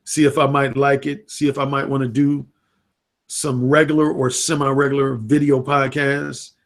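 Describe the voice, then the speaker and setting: A man's voice: medium pitch, little pitch movement, normal speed. A man, a dating coach, talking casually and frankly into a livestream webcam, with plenty of blunt, profane language. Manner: frank, unfiltered, profane talk.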